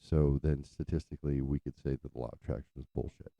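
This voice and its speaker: A man's voice: rumbling low, flat delivery, fast talker, vocal fry, mellow, no room sound, dull audio. A man from California telling a rambling story in casual, profane chat, full of fillers, as host of his show. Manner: loose, profane, chatty, trails off in filler. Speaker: podcast host.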